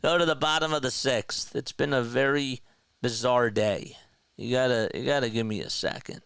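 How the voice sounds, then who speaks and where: A young man calling a baseball game play-by-play on his own stream, chatting with viewers between pitches. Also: steady tone, moderate pace, vocal fry, a bit bright, clean tone, no echo. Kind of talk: casual live play-by-play commentary.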